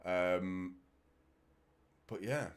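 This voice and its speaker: Speaking very slowly in a low, clean-toned voice, a man with a Manchester accent hosts a fan channel's live football watchalong. He's chatty and swears, reads viewer comments out loud, and leans heavily on "mate" and "do you know what I mean".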